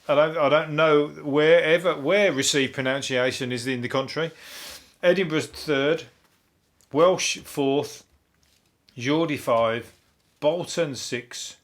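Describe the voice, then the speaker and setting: A man from Birmingham with a Brummie accent, hosting a solo comedy podcast, riffing on the news in a deadpan, sweary, rambling way. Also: fairly high pitch. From Birmingham, England.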